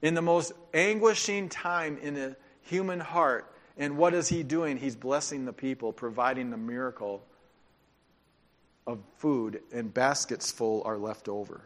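A male pastor preaches a sermon in a conversational style at a measured pace, his voice mid-range. Now and then he drops into quiet, emphatic asides.

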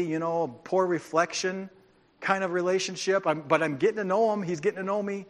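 A man preaching a sermon as pastor, speaking in an animated, informal way with restarts and asides. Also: high voice, brisk. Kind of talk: conversational sermon.

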